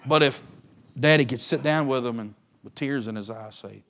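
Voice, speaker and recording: Guy preaching, folksy and emphatic, mid voice, goes loud then real quiet. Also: medium pitch, moderate pace. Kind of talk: sermon.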